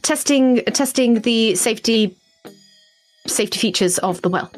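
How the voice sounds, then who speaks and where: Woman player talking through plans fast, easy laugh, faint music under her. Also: on the high side. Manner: quick, planning, laughs easily. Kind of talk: casual tabletop game chat.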